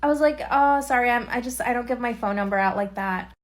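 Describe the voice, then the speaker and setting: A woman's voice: on the high side, fast talker. Chatty woman telling a storytime. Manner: chatty, acts out quotes, laughs easily. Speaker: social media creator. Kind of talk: casual storytime chat to camera. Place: at home, lying on a bed.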